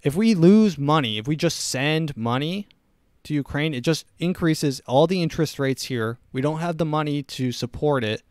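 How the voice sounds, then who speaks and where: Rambling sarcastic young man, smooth voice. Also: on the high side, lively intonation, normal speed, no echo, studio quality. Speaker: podcast host. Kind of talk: casual comedic monologue.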